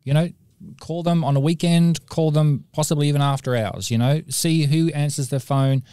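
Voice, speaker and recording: A man's voice: on the high side, fairly even intonation, normal speed, mellow, clear, resonant tone, no echo, clean studio sound. A man hosting a podcast interview in a chatty way, with lots of "you know". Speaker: podcast host.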